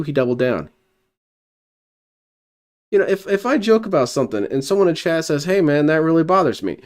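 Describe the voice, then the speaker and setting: Animated sarcastic male stream commentator. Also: fairly high pitch. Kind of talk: reaction commentary.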